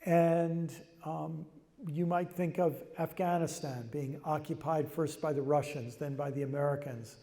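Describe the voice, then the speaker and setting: A man's voice: a little high, fairly even intonation, a little slow, mellow. An older man giving a reflective, conversational public talk, often restarting his phrases. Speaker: speaker. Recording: long hall reverb.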